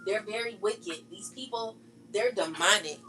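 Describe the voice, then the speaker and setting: A woman's voice: mid-range voice, a little slow, noisy background. A woman hosting her own channel, talking straight to viewers in a heated, accusing rant, repeating herself and swearing freely. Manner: heated, accusing, repetitive, cursing. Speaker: tarot channel host. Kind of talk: ranting vlog monologue.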